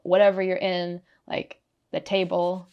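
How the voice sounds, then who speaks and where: A woman's voice: lowish voice, monotone, a little slow, smooth, muffled recording. A young woman from Ohio who grew up in Southern California, chatting as a podcast guest, often laughing and acting out quotes. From Ohio, raised in Southern California. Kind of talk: casual interview chat.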